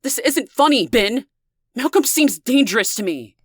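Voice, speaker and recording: A defiant young mother on a tense phone call, as a male audiobook narrator puts her on. She speaks up high and strained, frightened but standing her ground. The reading is close and dry. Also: animated, normal speed, no room sound. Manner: tense, pleading then angry.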